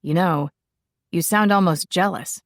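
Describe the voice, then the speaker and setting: A woman voicing a brooding young man who speaks in a terse, flat and unfriendly way. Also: fairly low pitch, measured pace, no room sound, studio quality. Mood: guarded. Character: gruff, brooding young man, curt and defensive.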